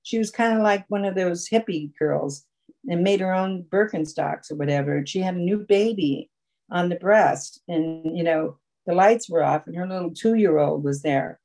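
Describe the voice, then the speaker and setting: A woman's voice: lowish voice, normal speed, darkish tone, poor audio. A woman telling a long personal story at a support group meeting over a video call, rambling and full of fillers. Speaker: recovery meeting speaker.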